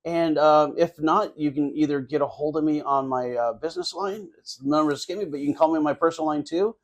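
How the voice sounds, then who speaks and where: A man's voice: on the high side, fast. A man talking casually as a guest on a local talk show, rambling with many fillers and restarts. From California. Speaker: guest, cookie business owner. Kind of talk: casual interview chat.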